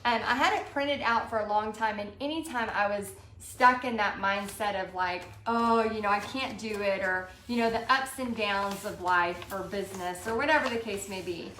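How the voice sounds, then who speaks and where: A woman's voice: medium pitch, normal speed, hardly any pauses, pushed and bright. A woman, hosting a live-streamed motivational talk for a paint party business, earnest and fired up, talking with lots of "you know" and "like". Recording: echoey room with faint background hum.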